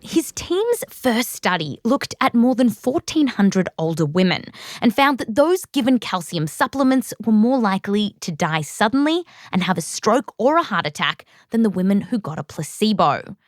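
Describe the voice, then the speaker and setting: Lively Australian woman host. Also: mid-range voice, moderate pace, few pauses, dry recording, studio quality. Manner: playful, jokey. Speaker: podcast host. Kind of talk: scripted science narration and interviewing.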